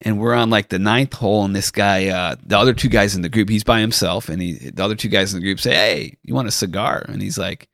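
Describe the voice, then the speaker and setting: Gravelly male podcast co-host, dry close sound, deadpan wisecracks. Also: lowish voice, quick pace, few pauses, no room sound. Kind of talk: casual podcast chat.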